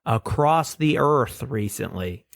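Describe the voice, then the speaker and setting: A man co-hosting a laid-back podcast, talking at an unhurried pace in a middle-pitched voice. He rambles and laughs at his own stories, recorded close and dry with no room sound. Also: animated, vocal fry, no echo. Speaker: podcast co-host. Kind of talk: casual chat reviewing cartoons.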